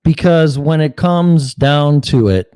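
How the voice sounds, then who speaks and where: A man's voice: a little high, takes it slowly, a little mellow, smooth, no echo. A man hosting a show, delivering a blunt, heated political monologue full of swearing and mocking asides. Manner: blunt, heated, swears often, mocks opponents in put-on quotes. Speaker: podcast host.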